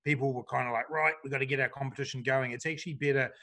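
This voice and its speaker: A middle-aged man, answering panel questions as a government minister in a relaxed, chatty way with frequent fillers. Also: mid-range voice, rapid-fire.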